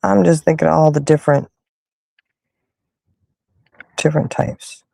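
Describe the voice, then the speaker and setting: A woman hosting a casual chat with her viewers, telling stories in an animated, emphatic way and fussing loudly when annoyed. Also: sits low, a little slow, gravelly, dry recording. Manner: animated, emphatic storyteller who rants and fusses. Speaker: livestream host chatting with viewers.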